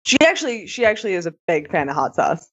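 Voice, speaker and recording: A woman's voice: lowish voice, sing-song, fast talker, fairly bright tone, highs cut off. A woman co-hosting a podcast, telling stories in casual chat and laughing often. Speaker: podcast co-host.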